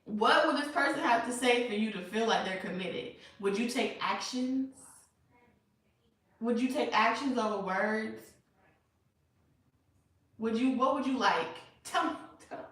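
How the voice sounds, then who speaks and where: A woman's voice: fairly high pitch, unhurried, pauses often, a bit bright. A woman giving a casual tarot reading to her viewers, talking emphatically and bluntly with lots of rhetorical questions. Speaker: tarot reader. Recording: echoey room, far from mic.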